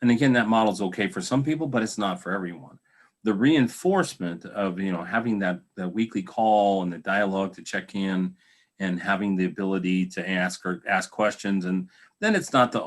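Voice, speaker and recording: A man's voice: deep voice, moderate pace. A man hosting a podcast interview, chatty and encouraging, talking with fillers and restarts. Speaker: podcast host. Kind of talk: casual interview conversation.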